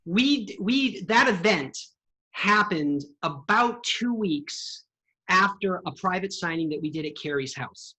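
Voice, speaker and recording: A woman hosting an online show, telling a story in an animated, chatty way. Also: lowish voice, unhurried, rough recording. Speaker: host. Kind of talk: casual storytelling.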